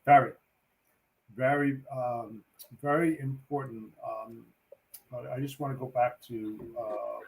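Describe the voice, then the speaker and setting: A man co-hosting a morning talk show, telling stories in a lively way and acting out phone calls. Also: mid-range voice, takes it slowly, vocal fry, a little hiss or hum, poor audio. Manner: lively storyteller who acts out phone calls. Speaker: co-host. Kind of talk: casual morning show storytelling.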